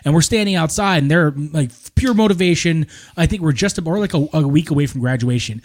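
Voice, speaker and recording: Fast-talking guy telling profane boot camp stories, kinda high voice. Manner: fast, profane, animated anecdotes. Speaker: veteran guest telling a story. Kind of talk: casual storytelling.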